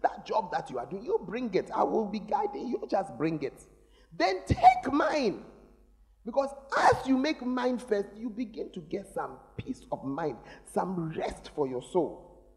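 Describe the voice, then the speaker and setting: A middle-aged male pastor preaching a sermon, teasing the congregation with sudden shouts. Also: sits high, huge pitch swings, normal speed. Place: large church. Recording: long reverb of a large church hall.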